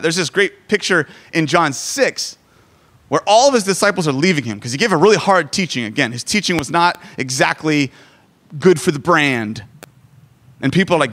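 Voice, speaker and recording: A man's voice: on the high side, animated, normal speed, fairly bright tone. A man in his forties preaching a sermon, joking and self-deprecating as he talks. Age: 40s. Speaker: pastor.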